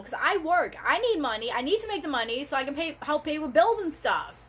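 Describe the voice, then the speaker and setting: A woman vlogging in a casual, rambling way, piling on fillers as she talks to her camera. Her voice sits high and light. It sounds like an ordinary home video recorded on the camera's own mic. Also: big pitch swings, brisk. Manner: chatty and rambling, full of fillers. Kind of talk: casual vlog monologue.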